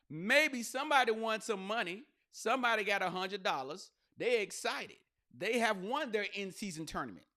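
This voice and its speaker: Animated, bright-voiced male comedian riffing. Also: high voice. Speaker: podcast host and comedian. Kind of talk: comedic podcast monologue.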